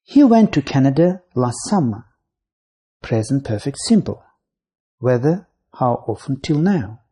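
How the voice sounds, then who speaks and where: A voice narrating a scripted English grammar lesson, reading out rules, lists of signal words and example sentences in a measured way. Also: medium pitch, very animated, warm tone, breathy edge.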